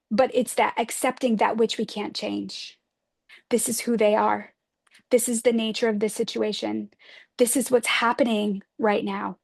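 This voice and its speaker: A woman spiritual advisor speaking to her listeners in a livestream talk. Her voice is a little high, and she talks gently and earnestly, posing reflective questions as she goes. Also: vocal fry.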